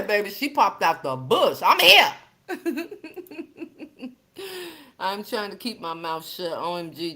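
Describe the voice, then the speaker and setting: A woman's voice: fairly low pitch, a bit bright. A woman hosting a casual livestream, reading viewer comments in a playful, teasing way and laughing often. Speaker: livestream host.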